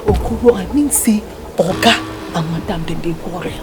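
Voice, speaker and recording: A woman's voice: fairly low pitch, a little fast, lightly acted. A woman with a Nigerian Pidgin accent playing a worried house worker who speaks urgently, in a film scene with music under it. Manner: urgent, pleading. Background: background music.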